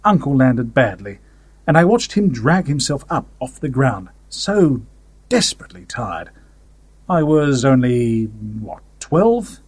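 A man with a husky, slightly breathy voice reads a story in the first person, wry and conversational. His delivery swings lively up and down in pitch, and the recording is close and dry with no room sound. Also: takes it slowly, dry recording. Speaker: story narrator. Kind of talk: audiobook fiction reading.

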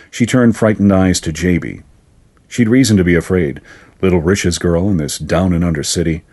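A man narrating a fantasy story in a steady, even storytelling manner. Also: sits low, normal speed, husky.

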